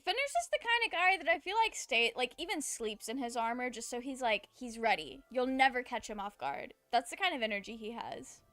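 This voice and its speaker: A woman's voice: high voice, lively intonation, brisk, hardly any pauses, fairly bright tone, no room sound. A woman live-streaming a video game, giving casual, playful, giggly commentary at a home setup.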